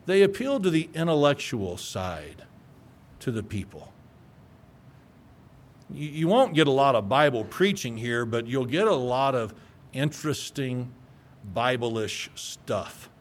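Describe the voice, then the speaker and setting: A man's voice: mid-range voice, very animated, measured pace, pauses often, slight background noise. A male pastor preaching a sermon in an earnest, conversational way that climbs into emphatic peaks.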